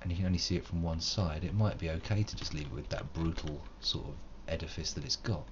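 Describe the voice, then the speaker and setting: A man's voice: rumbling low, fast, muffled recording, noisy background. A man giving rambling, self-mocking live commentary while playing a game, wordy and fond of old-fashioned flourishes. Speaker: game streamer.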